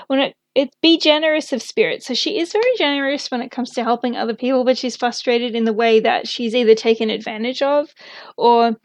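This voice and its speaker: Young woman, tarot reader, casual chatty delivery, fillers and little laughs, slightly high voice, dry close sound. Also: dry recording.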